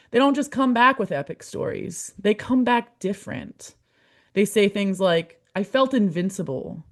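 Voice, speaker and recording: A young adult woman hosting a podcast, speaking earnestly and encouragingly, at times emotional. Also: mid-range voice. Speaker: podcast host, community manager. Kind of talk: heartfelt podcast monologue.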